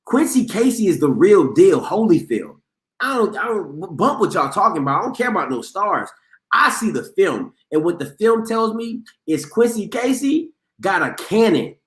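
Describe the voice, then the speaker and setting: Animated slangy man hosting sports talk. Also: sits high, normal speed, roomy sound. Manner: animated, emphatic, slangy, repeats himself. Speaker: host of a live sports talk show. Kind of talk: casual sports commentary.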